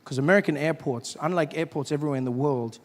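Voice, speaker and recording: A man with a South African accent doing animated stand-up storytelling, acting out the people in it. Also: fairly high pitch, fast talker. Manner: animated, playful, acts out characters. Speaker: stand-up comedian.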